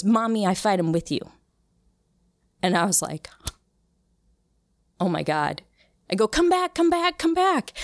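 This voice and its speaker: A woman's voice: low-pitched, no echo, studio quality. A woman in her thirties, an interview guest, telling a personal story in an earnest, emotional way with frequent restarts. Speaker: interview guest, cancer survivor. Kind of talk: casual conversational interview.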